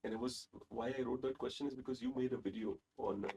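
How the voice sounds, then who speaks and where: A man's voice: medium pitch, steady tone, fast, noisy background. A man with an Indian accent hosting a casual interview, talkative and given to digressions. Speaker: podcast host.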